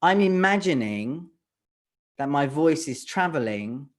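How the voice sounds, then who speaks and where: A man's voice: on the high side, animated. A man coaching on presenting voice, speaking in an online workshop with frequent restarts and questions to the audience, over a webcam mic on a video call. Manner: halting, restarts words, pauses to ask the audience. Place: home office on a video call. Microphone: webcam or desk mic on a video call.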